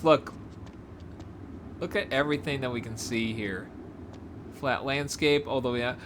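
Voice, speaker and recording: Excitable woman exploring a game glitch. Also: lowish voice, a little hiss or hum. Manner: excitable, gasping, says "oh my gosh" often. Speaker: gameplay video creator. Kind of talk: excited gameplay commentary.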